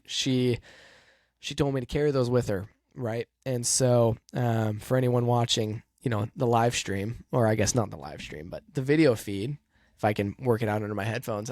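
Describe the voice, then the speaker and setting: A man hosting a podcast about his racing life, telling a personal story in a halting, earnest way with many pauses and fillers. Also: medium pitch, a little mellow, dry recording, studio quality. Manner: emotional, earnest. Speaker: podcast host and race car driver.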